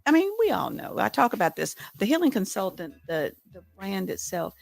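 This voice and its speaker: A woman's voice: mid-range voice, sing-song, brisk, vocal fry, no room sound. A woman who founded a wellness brand, talking earnestly in a podcast conversation and repeating phrases for emphasis.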